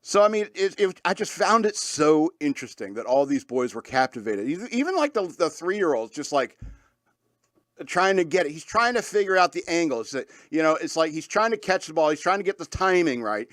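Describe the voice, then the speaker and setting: A man's voice: fairly high pitch, big pitch swings, brisk, fairly bright tone, dry recording, clean studio sound. Rambling male talk radio host. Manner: rambling, laughs often, many fillers. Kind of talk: casual monologue.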